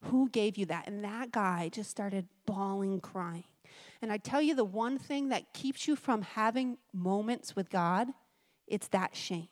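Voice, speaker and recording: A woman's voice: mid-range voice, a little slow. A woman preaching a sermon in a church, telling stories in an emphatic, off-the-cuff way. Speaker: guest preacher.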